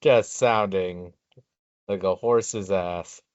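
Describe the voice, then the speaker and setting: A man's voice: low-pitched, fairly even intonation, drawn-out words, a little mellow, dry recording. Wry man in casual podcast chat. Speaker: podcast co-host. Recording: dry, muffled home podcast mic.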